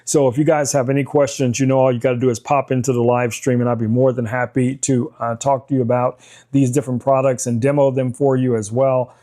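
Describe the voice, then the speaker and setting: Male host for a relaxed studio gear demo, warm mellow voice, speaks with frequent fillers. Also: medium pitch, brisk. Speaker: tech reviewer host. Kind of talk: casual product demo. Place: home studio.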